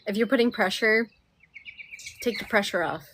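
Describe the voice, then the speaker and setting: A woman coaching viewers on manifestation in a soft, affectionate live-stream talk, often sinking to near-whispers. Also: mid-range voice, normal speed, a little hiss or hum. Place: outdoors.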